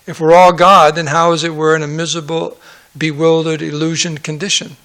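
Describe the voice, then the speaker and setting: A man's voice: a little high, level tone, fairly quick, fairly bright tone. A man giving a conversational scripture class, mixing reading with joking asides and acted-out quotes. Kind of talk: sermon-style scripture class.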